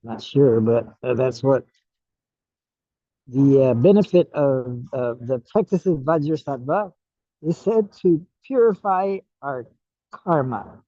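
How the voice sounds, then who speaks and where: A man giving a slow, musing talk on his own Buddhist study, with many fillers and pauses. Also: medium pitch, warm tone, no room sound. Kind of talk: casual self-study talk. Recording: muffled lo-fi recording.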